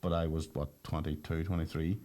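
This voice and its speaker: A man's voice: rumbling low, fairly quick. A man in his twenties, a podcast co-host telling stories in casual chat with lots of swearing. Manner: animated storyteller, heavy swearing.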